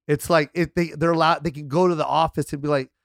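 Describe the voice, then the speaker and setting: A man spins lively stories as a podcast guest, swearing freely. His voice sits a bit high. The recording is dry and close. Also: fast talker, creaky, no room sound. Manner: animated storyteller, swearing freely. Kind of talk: casual podcast chat.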